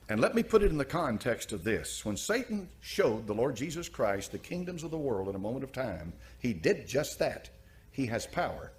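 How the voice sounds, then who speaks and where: Man preaching with a lively, rising-and-falling pitch. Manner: reads diary passages aloud, then comments and questions. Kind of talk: sermon retelling a diary.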